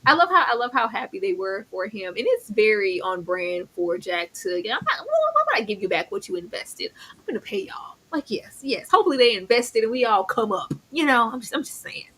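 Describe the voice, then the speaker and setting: A woman co-hosting a TV review show in casual chat, animated and exclamatory. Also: mid-range voice, brisk, husky. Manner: animated, exclamatory, talks to the characters as 'girl'.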